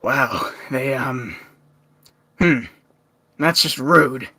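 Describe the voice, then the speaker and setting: A man doing sardonic adventurer Zogmar, bright voice. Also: mid-range voice, extremely slow, breathy edge, full character voice. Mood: sarcastic. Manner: sarcastic, put-upon complaining.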